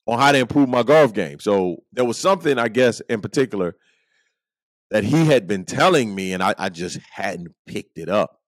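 A man with a low voice tells stories in a casual, animated way. He acts out what his friends said and laughs easily between lines. The sound is dry and close, with no room around it. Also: no echo. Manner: animated, acts out quoted friends, chuckles often. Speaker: podcast host. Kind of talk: casual storytelling monologue.

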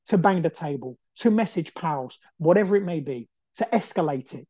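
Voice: medium pitch, normal speed, hardly any pauses, dark tone, no room sound. A podcast host in their forties, talking through a personal story in an emphatic, determined way and repeating phrases for stress. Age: 40s.

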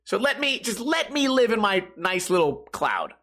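A man's voice: high-pitched, big pitch swings, normal speed, sharp tone. A young man hosting a comedy podcast, telling a self-mocking story casually, swearing and laughing at his own jokes. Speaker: podcast host.

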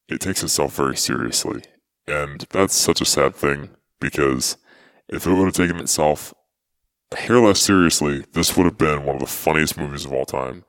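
A man giving his take on a movie in casual podcast talk, pausing often with ums. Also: a bass voice, a bit bright, no echo, clean studio sound. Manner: hesitant, many pauses and ums. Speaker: podcast co-host reviewing a movie. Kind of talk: casual movie review chat.

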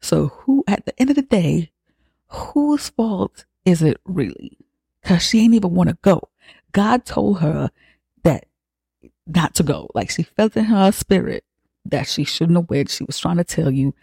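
A podcast host giving a comic, profane recap of a film, acting out the characters' lines with lively swings. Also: mid-range voice, normal speed, vocal fry, husky, dry recording, clean studio sound. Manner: profane, animated retelling with acted-out quotes.

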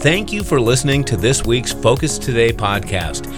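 Male outro announcer, polished and animated, music underneath. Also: mid-range voice, moderate pace. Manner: polished, lively announcer delivery. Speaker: podcast announcer. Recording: clear music bed under voice.

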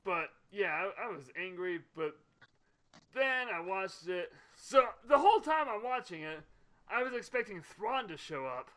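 A man talks in a casual podcast chat, venting with animated excitement. His voice sits high and swings widely in pitch, with a bright, sharp edge. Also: normal speed. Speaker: podcast co-host.

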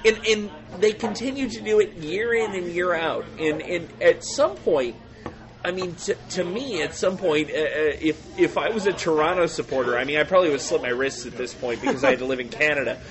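A man's voice: a little high, brisk. A man co-hosting a soccer podcast in casual chat, ranting and repeating himself as he builds a point. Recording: loud crowd behind.

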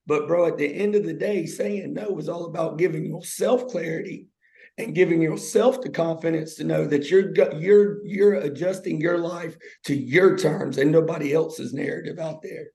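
A man's voice: on the high side, normal speed, vocal fry, a little mellow. A male podcast co-host who works as an athletic trainer, talking in an informal, slangy way. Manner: informal and slangy, says "bro" and "man". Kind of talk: casual chat. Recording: roomy echo.

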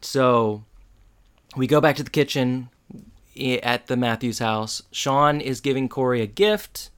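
A man co-hosting a podcast, recapping a TV episode in relaxed, rambling casual talk. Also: medium pitch, unhurried, smooth. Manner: relaxed, rambling narration with fillers. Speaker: podcast co-host.

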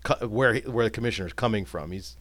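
A man's voice: on the low side, fast talker, fairly bright tone, no echo. A man co-hosting a casual film discussion, recapping scenes and musing aloud, livening up when he quotes lines. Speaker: podcast co-host.

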